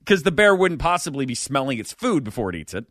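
A man hosts a comedic podcast chat with sardonic, animated delivery. His voice is bright and sits a little high, and his pitch swings widely. The sound is dry and close. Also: fast talker, dry recording. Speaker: podcast host.

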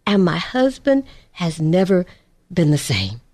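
A woman's voice: lowish voice, very animated, measured pace, a little mellow, no room sound, studio quality, pitched below the performer's own voice. A woman voicing a tearful middle-aged wife calling in, with an earnest, emotional retelling. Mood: grieving.

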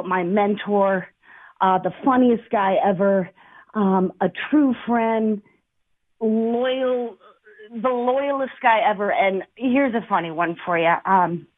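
A woman calls into a radio show over a thin, tinny phone line. She speaks at a middling pitch and tells joking stories in a lively way. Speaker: caller. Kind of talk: call-in radio chat.

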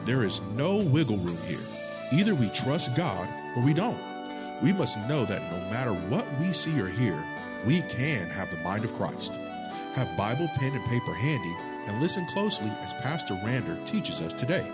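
A man's voice: medium pitch, sing-song, normal speed, over loud music. A male announcer reading a scripted, earnest introduction to a sermon program.

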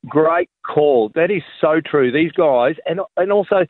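A man's voice: a little high, expressive, measured pace, no echo. An Australian man calling in to a radio show, telling cricket stories in a joking, blokey way. His voice comes through a narrow, tinny phone line. The sound is dry, with no room around it. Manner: blokey, joking, enthusiastic storytelling. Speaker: cricket commentator guest. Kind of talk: casual radio chat.

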